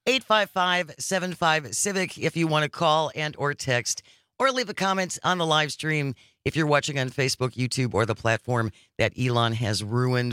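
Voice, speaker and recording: A male radio host who reads the news with a wry, sarcastic edge. His voice is bright and forceful, and the studio sound is close and dry. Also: fairly high pitch, moderate pace, dry recording. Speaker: radio talk show host. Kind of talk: political talk radio banter. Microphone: studio microphone.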